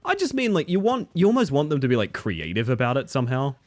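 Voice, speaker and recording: Animated laughing male game streamer. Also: mid-range voice, quick pace. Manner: animated, laughing often, swearing, chatting to viewers. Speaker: livestreamer. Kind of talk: casual live gaming commentary.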